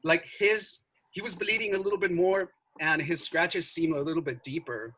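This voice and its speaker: Young man, casual storytelling, animated, lots of filler words, bright tone. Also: on the high side, normal speed, rough recording. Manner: animated, swears a lot, heavy filler words. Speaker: podcast co-host.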